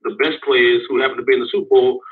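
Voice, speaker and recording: A man's voice: mid-range voice, racing. Man on a tinny phone line. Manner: relaxed, repeats himself often. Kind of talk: casual sports talk.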